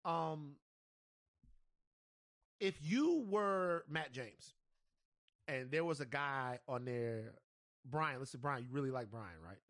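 A man hosts a podcast in a playful, questioning way, his pitch swinging widely. The sound is close and dry. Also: expressive, slow, pauses often, fairly bright tone, dry recording. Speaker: podcast host. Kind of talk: casual chat.

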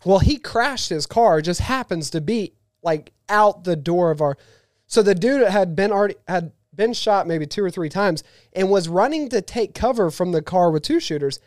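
A man guest on a podcast, telling a story in a lively, fast-paced way. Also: high voice, no echo, studio quality. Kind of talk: casual storytelling.

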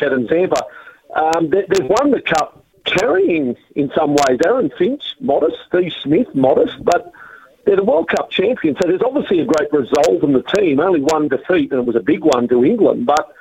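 An Australian man chatting boisterously on a sports radio show. His voice sits fairly high and swings up and down as he teases and rambles, and he talks like he is calling in. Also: a little mellow, rough recording. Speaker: sports news contributor. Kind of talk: casual radio chat. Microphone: phone line.

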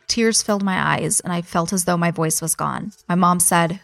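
Low-voiced woman reading spooky stories. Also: normal speed, vocal fry, hardly any pauses, dry recording, faint music behind. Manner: animated reader who breaks off to laugh and comment, swears casually. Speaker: podcast host reading listener stories. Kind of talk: reading listener letters, casual podcast chat.

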